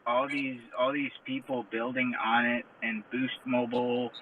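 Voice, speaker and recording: A man's voice: mid-range voice, flat delivery, noisy background. Man on a tinny phone line. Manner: halting, lots of restarts, lecturing. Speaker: crypto commentator in audio chat room. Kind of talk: casual debate.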